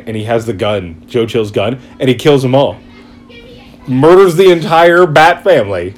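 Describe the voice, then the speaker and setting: A man in casual conversation who gets carried away retelling a story, swearing freely and acting out quotes. His voice sits at a middling pitch. A faint hiss runs under the recording. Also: normal speed. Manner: excited rambling storytelling, swears, acts out quotes. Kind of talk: casual chat.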